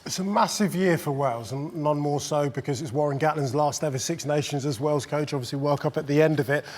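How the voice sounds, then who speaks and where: A man presenting a sports studio show, leading the talk in a quick, jokey way. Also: fairly high pitch, darkish tone, long reverb tail. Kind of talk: casual sports chat.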